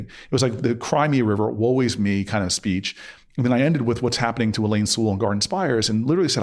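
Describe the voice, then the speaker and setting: A man's voice: mid-range voice, fast talker, darkish tone. A man in his forties telling a personal story in a casual interview, acting out both sides of the argument. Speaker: podcast guest.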